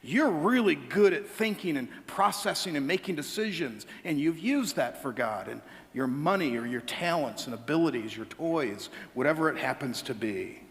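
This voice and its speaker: A pastor preaching a sermon, telling funny stories and asking the congregation quick asides. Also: male voice, on the high side, in a large hall. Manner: humorous storytelling, animated asides to congregation. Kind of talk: sermon with anecdotes. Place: church sanctuary.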